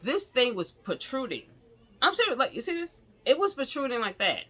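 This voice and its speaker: A middle-aged woman vlogger tells a personal story to the camera, animated and speaking straight to her viewers while acting out other people's lines. Her voice sits high and her pace is moderate.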